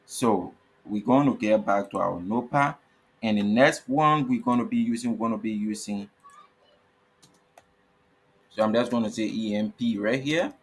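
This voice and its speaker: A low, husky-voiced man walks through a coding tutorial step by step. He spells tag names out letter by letter and keeps checking in with "okay?" as he repeats each point. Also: moderate pace, pauses often. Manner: repetitive, checks in with frequent "okay?". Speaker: coding teacher. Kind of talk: screen-recorded coding tutorial.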